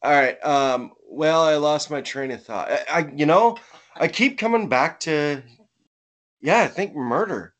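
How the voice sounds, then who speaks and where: A man's voice: fairly high pitch, animated, a little slow, a bit bright. A man in casual crude banter with coworkers, swearing and laughing. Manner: swears, laughs, mock-polite impressions.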